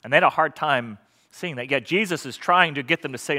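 Male pastor, animated sermon delivery with humor, bright tone. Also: on the high side, a little fast. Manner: animated and joking with the congregation. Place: church sanctuary.

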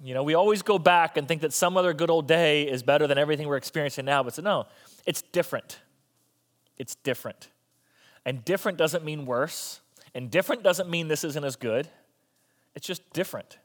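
A man's voice: fairly high pitch, brisk. A male pastor preaching a sermon in a conversational style with joking asides.

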